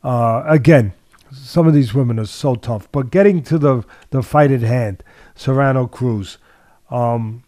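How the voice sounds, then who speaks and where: An older man talks boxing on a podcast, heavy on repetition and emphasis. His voice is dark and mellow, and it sounds close and dry, with no room around it. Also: mid-range voice, a little slow, no echo. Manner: repetitive, emphatic, restarts sentences. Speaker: boxing trainer and podcast host. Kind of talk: casual sports talk.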